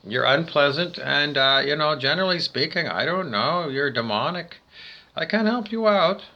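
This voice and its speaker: A man's voice: on the high side, animated, normal speed, pushed and bright, lo-fi sound. A man delivering a rambling monologue as a spiritual vlogger, talking indoors by a window, insulting listeners and repeating "I don't know" over and over. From Canada.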